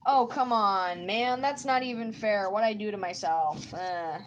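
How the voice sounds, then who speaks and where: Giggly woman streamer with a stuffy nose, unhurried and self-mocking, ordinary middle pitch. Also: dull audio. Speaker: artist streaming while drawing. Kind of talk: casual chat with live viewers.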